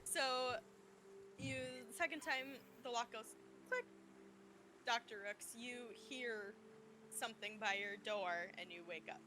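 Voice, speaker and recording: A woman's voice: fairly high pitch, slow, long pauses, background noise. A woman running a tabletop game as game master, asking players for rolls and laughing often.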